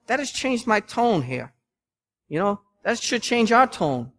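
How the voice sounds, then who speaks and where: A man in his thirties preaching a sermon as pastor in a church, earnest and emphatic, now gentle and now rising to loud bursts. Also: high-pitched, big pitch swings, a little slow. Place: church sanctuary.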